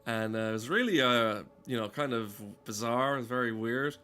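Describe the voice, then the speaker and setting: A man rambles in deadpan casual chat while streaming a game. He stalls often and wanders between thoughts. His voice sits at an average pitch for a man. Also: normal speed, clear, resonant tone. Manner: deadpan, rambling, heavy with "uh" fillers.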